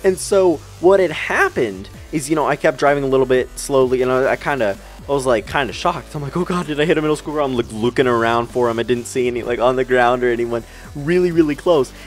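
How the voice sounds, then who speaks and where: A teenage man from America telling funny driving stories over gameplay, swearing freely and jumping into squeaky voices for the people he quotes. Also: fairly quick, few pauses, faint music behind. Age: teens. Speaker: gaming channel host. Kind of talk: storytelling commentary over gameplay.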